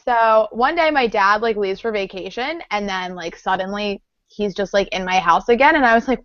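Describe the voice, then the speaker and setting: A woman's voice: medium pitch, a little fast, hardly any pauses, a bit bright, no echo. Woman co-host, blunt, profane, dry humor, dead-dry lo-fi audio. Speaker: panel co-host. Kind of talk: casual chat. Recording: dry dull lo-fi stream audio.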